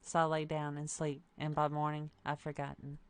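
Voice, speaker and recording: A woman streamer reading a dark story game aloud in a plain storytelling voice, breaking off for wry asides. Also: sits low, monotone, moderate pace, no echo.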